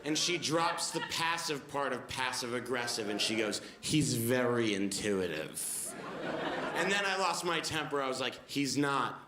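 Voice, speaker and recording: A man in his twenties performing a stand-up comedy set, telling stories quickly and wryly and acting out other people's lines. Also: medium pitch, expressive. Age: 20s. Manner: quick, wry storytelling with acted-out quotes. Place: comedy club stage before a laughing audience. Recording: echoey room with audible noise.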